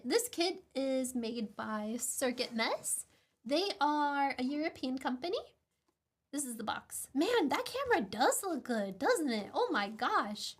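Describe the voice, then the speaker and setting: Young woman on stream, high bright voice, giggles a lot and rambles while soldering at her desk. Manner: giggly, rambling, self-mocking. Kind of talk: casual chat while soldering.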